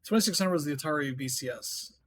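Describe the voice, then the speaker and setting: A man's voice: fairly high pitch, fast, fairly bright tone, slight background noise. A man streaming a game, chatting casually and thinking aloud as he reads up on things. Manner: thinking aloud, reading notes half to himself. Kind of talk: casual live-stream commentary.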